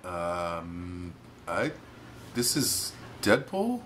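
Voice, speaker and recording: A man playing an unsure, halting caller to a telethon in an improvised comedy sketch. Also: low voice, very animated, fairly bright tone, heavily acted. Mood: hesitant. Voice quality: halting, unsure, many fillers. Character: hesitant man calling a telethon.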